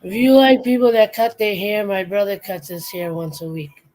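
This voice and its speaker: A woman co-hosting a casual livestream, talking with viewers and getting animated. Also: moderate pace, faint music behind, rough recording. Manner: animated, jumps up in pitch when excited. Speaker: livestream co-host.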